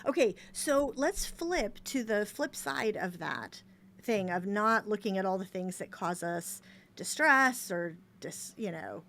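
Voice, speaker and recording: A woman's voice: mid-range voice, animated, slow, a bit bright. Woman host, mid voice, chatty affirming questions, bit of hiss. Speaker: podcast host. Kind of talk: casual interview chat.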